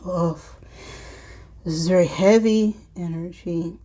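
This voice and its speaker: A woman reads tarot and oracle cards for her viewers. Her voice is mellow and sits slightly low, and she takes her time. She talks straight to the listener in a reflective way, with soft sighs and asides. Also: slow. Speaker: tarot reader. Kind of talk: collective tarot and oracle card reading.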